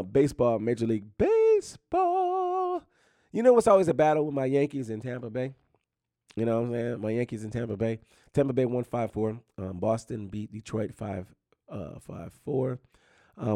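A man's voice: on the low side, gravelly, mellow, no room sound, studio quality. A man hosting a casual sports talk show, rambling and repeating himself with lots of "you know what I'm saying". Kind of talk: casual sports news chat.

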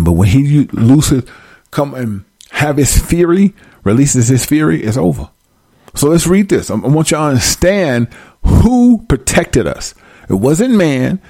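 A man preaches and reads scripture in a loose, emphatic street style, full of slang. His mid-range voice has a gravelly edge. The recording is dry with no room sound. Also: mid-range voice, mellow, no room sound. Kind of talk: informal preaching and scripture reading.

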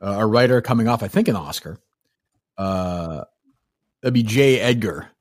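A man's voice: lowish voice, expressive, moderate pace, dry recording, clean studio sound. A man co-hosting a casual movie podcast, blunt and opinionated, rambling through his points. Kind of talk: casual movie-discussion chat.

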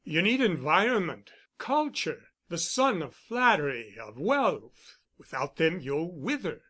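A man's voice: fairly high pitch, big pitch swings, unhurried, pushed and bright, husky, full character voice. A man reading the part of a persuasive, insistent suitor who speaks with urgent, coaxing force.

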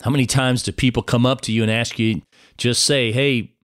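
A man's voice: medium pitch, flat delivery, a little fast, a bit bright, dry recording, studio quality. A man giving an earnest personal testimony sermon, speaking straight to the listener and calling him brother.

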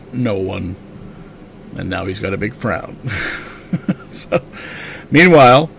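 A man's voice: fairly low pitch, noisy background. A man hosting a podcast, recapping a comic casually with enthusiasm, lots of "you know" and chuckles. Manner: enthusiastic, chuckling, many fillers.

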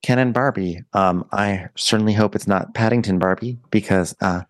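A man with a low voice and wry, deadpan delivery co-hosts a comedic recap podcast. The sound is close and dry, with no room around it. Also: normal speed, no echo. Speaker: podcast co-host.

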